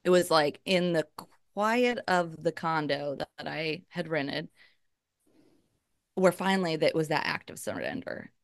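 Middle-aged woman, guest, emotional testimony, lower voice, dry close sound. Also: expressive, measured pace, dry recording. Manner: emotional, earnest storytelling. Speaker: podcast guest. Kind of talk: personal testimony in conversation.

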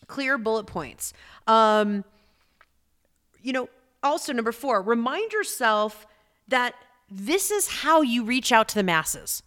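A middle-aged woman hosting a podcast as a business coach, talking in an energetic, chatty way and repeating points for emphasis. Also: a little high, slow, long pauses. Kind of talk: motivational podcast talk.

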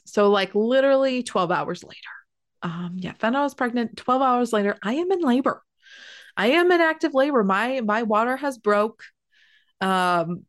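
A woman telling a personal story casually, swearing and laughing, and acting out what others said in raised voices. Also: mid-range voice. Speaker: storyteller recounting her birth story.

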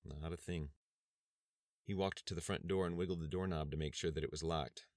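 Man, audiobook narrator, very deep voice, steady measured reading, dry close recording. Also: dry recording. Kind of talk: scripted narration.

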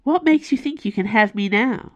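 A woman reading aloud, voicing a stubborn young man who answers a god with defiance, pitched a little higher and pressing. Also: expressive, normal speed, dull audio. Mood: defiant.

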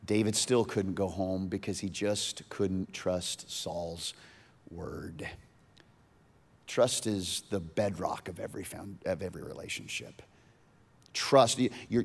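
A man's voice: fairly low pitch, in a large hall. A man preaching a sermon, retelling a story casually and animatedly, with modern asides. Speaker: pastor.

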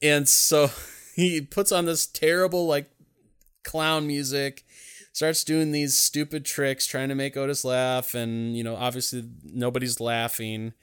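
Man with a smooth, clear voice. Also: mid-range voice, a little slow. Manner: rambling, profane, animated storytelling. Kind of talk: casual chat recapping a film.

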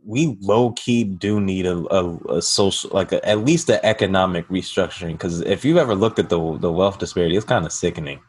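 A man's voice: low-pitched, a little fast, few pauses, a little mellow, slightly rough. A man co-hosting a podcast, speaking casually with laid-back slang. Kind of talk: casual chat.

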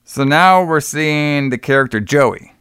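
A man's voice: on the high side, expressive, unhurried, a bit bright, clear, resonant tone, no echo, studio quality. A man co-hosting a podcast, retelling a movie in a rambling, casual way with plenty of swearing. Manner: rambling, swearing, acts out quotes with laughs. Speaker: podcast co-host. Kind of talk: casual movie review chat.

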